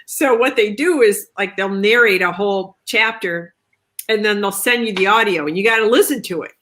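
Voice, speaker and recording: A woman author chatting on a video call, telling stories in a lively way and acting out quoted lines. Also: mid-range voice, moderate pace. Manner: chatty, animated storytelling with quoted asides. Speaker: author guest. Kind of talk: casual video chat.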